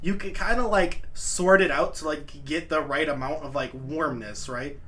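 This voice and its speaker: A man's voice: a little high, normal speed, a bit bright. An American man reacting to a video in loose casual chat, swearing and laughing often. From United States.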